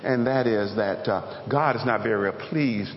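A man putting on a timid, overly polite male preacher who talks softly and hesitantly, with a lot of "well, well" and "uh". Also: fairly low pitch, a little slow, very noisy, voice pushed down, lightly acted. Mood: mock-gentle. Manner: soft, hesitant, stammering "well, well" and "uh". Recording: echoey hall, dull lo-fi sound.

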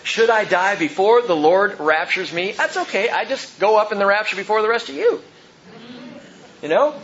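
A man preaching a sermon as pastor, swinging between loud emphatic peaks and quiet low asides. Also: lo-fi sound, a little hiss or hum. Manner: animated preaching, rising and dropping sharply for emphasis.

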